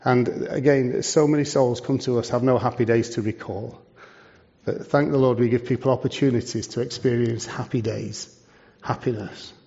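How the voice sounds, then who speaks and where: A man's voice: medium pitch, steady tone, normal speed, dark tone. A man, a charity leader giving a preaching talk to a church, conversational and full of rhetorical questions. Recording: dull lo-fi sound.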